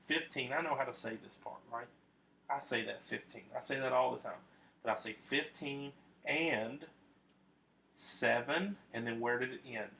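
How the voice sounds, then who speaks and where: A man's voice: medium pitch, moderate pace, creaky, sharp tone, slight background noise. A man teaching a video math lesson to his students, talking conversationally with frequent fillers and restarts.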